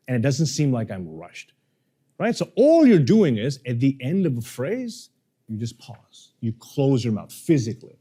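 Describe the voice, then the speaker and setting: A man, a public speaking coach, teaching a workshop to a live audience, energetic and playful, often quizzing the room. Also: mid-range voice, moderate pace, breathy edge.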